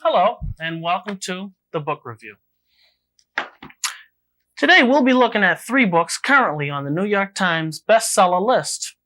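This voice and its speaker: Deadpan man hosting a mock book review. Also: high-pitched, measured pace. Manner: dry, deadpan delivery of satire.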